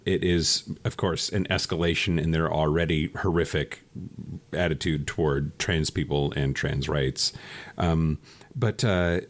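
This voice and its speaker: A man co-hosting a casual podcast, talking remotely, ranting profanely with laughs and restarts. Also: low-pitched. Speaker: podcast co-host. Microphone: remote recording.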